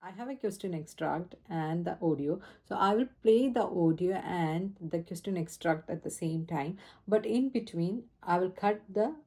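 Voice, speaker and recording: A woman's voice: fairly low pitch, moderate pace, a little mellow. A woman with an Indian accent explaining test practice in an earnest teaching manner, recorded on a phone camera. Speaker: English test trainer.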